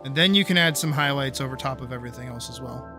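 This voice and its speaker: A man streaming live, talking casually and getting wildly animated, swearing freely as he demonstrates his art. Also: medium pitch, fast, over music. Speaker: streamer and artist.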